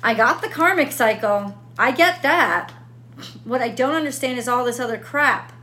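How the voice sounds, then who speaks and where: A woman's voice: fairly high pitch, normal speed, pushed and bright. A woman reading tarot cards in a casual, unscripted way, thinking aloud and often repeating her questions. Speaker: tarot reader.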